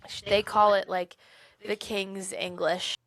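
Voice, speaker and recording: A woman co-hosting a podcast, chatting casually and retelling events in an animated way with frequent laughs. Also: medium pitch, slow pace. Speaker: podcast co-host. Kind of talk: casual book-club chat.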